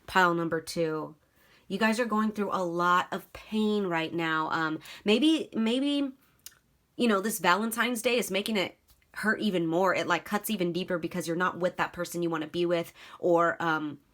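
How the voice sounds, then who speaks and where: Young woman, tarot reader, fairly low pitch, giggly, emotional, talks with lots of fillers. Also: fairly bright tone. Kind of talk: casual tarot reading to camera.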